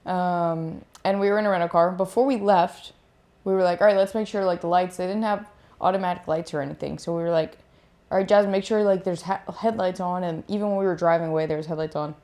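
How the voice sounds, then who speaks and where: A woman's voice: fairly low pitch, fast talker. A young woman, a beach volleyball player, casually retelling a chaotic trip and acting out what people said. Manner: animated, acts out quotes. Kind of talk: casual storytelling chat.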